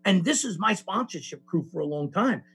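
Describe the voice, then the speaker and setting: A man sharing his recovery story with a group, telling it in an animated way with many restarts. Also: high-pitched, a little fast, slightly rough. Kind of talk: personal testimony to a group.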